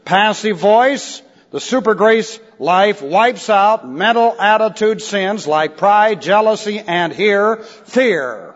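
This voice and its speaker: Slow, high-voiced man preaching in a hall. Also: expressive. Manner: deliberate, spells out Greek words letter by letter. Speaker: pastor. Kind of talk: expository Bible teaching sermon. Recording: dull lo-fi recording in a reverberant church hall.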